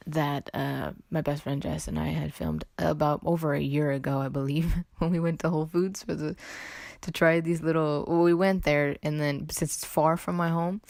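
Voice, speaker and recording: This podcast host is a young woman from California, chatty and rambling on her casual solo show while slightly under the weather, peppering her talk with "like" and "anyway" as she interrupts herself. She has a low, creaky, somewhat mellow voice. The recording is dry with clean studio sound.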